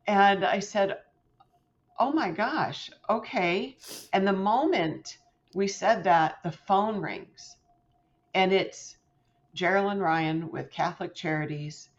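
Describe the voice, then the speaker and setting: A middle-aged woman appears as a podcast guest, recounting a personal story with lots of animation and acting out quoted voices through big pitch jumps. She takes her time, and the recording sounds slightly muffled and lo-fi.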